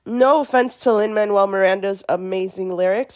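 A woman hosting a podcast alone, chatty with many fillers, her voice gravelly from being sick. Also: medium pitch, normal speed, darkish tone. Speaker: podcast host. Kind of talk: podcast monologue.

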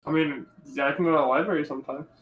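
A man's voice: fairly high pitch, steady tone, very fast, a bit bright, low-quality recording. A man co-hosting a podcast with friends over a call, rambling and playful. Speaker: podcast co-host. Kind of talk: casual chat among friends.

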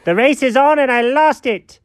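A man voicing an excitable, competitive male cat who talks in indignant bursts. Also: very high voice, normal speed, no room sound, clean studio sound, pitched above the performer's own voice. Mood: excited.

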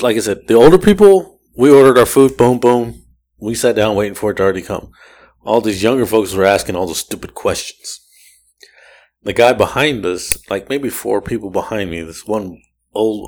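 A man with a fairly low-pitched voice tells a rambling story on a casual podcast. He swears freely, laughs between lines and jumps into quick impressions of the people he ran into. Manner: animated, profane, laughs often, mimics people in his story. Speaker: podcast host.

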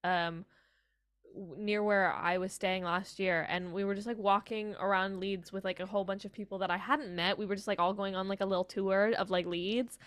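A woman's voice: mid-range voice, steady tone, normal speed, no echo. A young American woman from Colorado, a music student, chatting as an interview guest, rambling with lots of "like" and acting out quoted voices. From Colorado, United States. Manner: rambling, heavy "like" fillers, acts out quoted voices. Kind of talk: casual chat.

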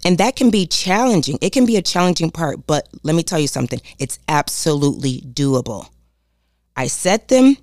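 In a dry, studio-quality recording, a woman with a low, slightly mellow voice talks fairly quickly and rarely pauses. She's a self-help speaker preaching emphatically about boundaries, repeating her key ideas and addressing the crowd directly as "y'all."

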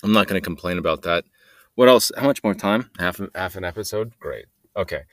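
A man's voice: sits low, a little fast, dry recording, clean studio sound. A man hosting a solo podcast, rambling and joking in a meandering way and trailing off mid-sentence. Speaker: podcast host.

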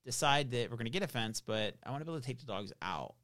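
A man telling a long story in casual, animated chat, swearing now and then. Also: medium pitch, very fast, no room sound, studio quality.

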